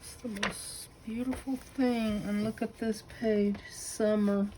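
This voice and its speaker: Slow-talking Southern woman gushing softly. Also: mid-range voice, fairly even intonation, a little hiss or hum, poor audio. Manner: gushing, admiring, slow and soft-spoken with breathy asides. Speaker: craft channel host. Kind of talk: casual unboxing show-and-tell.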